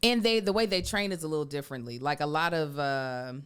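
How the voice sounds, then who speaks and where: A woman's voice: deep voice, a little fast, a bit bright, clear, resonant tone. A woman co-hosting a casual talk show, explaining things precisely as a trained speaker. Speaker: co-host. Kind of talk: casual chat.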